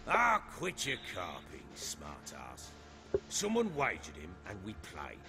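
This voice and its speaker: A man's voice: fairly low pitch, huge pitch swings, takes it slowly, gravelly, heavily acted. An actor playing a boastful middle-aged warlord baron in a video game, blustery and coarse as he tells his stories. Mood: gruff. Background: game music.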